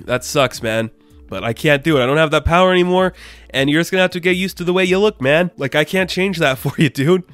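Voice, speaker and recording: A man's voice: on the high side, fast talker, a bit bright, no echo, soft background music, close to an everyday voice. A man voicing a weary old god-king who turns down a request in a casual, shrugging way. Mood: apologetic.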